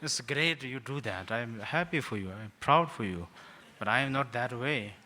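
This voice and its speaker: Man rambling through a gentle teaching talk. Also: mid-range voice, expressive, moderate pace. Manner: rambling, self-mocking, with frequent "sort of" and hesitations. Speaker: Buddhist teacher, guest speaker. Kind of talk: informal teaching talk to young people.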